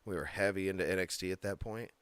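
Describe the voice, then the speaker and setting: A man co-hosting a casual wrestling podcast chat, excitable and joking as he rambles. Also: deep voice, fast, clear, resonant tone. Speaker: podcast co-host.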